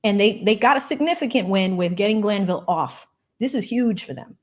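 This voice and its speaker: A bubbly woman hosts a casual livestream, reading out donations and chatting about a court case. Her voice sits at an ordinary middle pitch, and she talks in an animated, friendly way, with frequent laughs between thank-yous. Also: fairly quick. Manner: thanks supporters warmly, explains legal points. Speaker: legal commentary livestream host.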